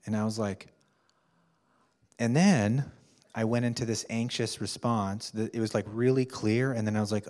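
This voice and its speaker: A man telling a personal story to a workshop group, halting with fillers and restarts, with amused laughs. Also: lowish voice, steady tone, a little mellow. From United States. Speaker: workshop participant.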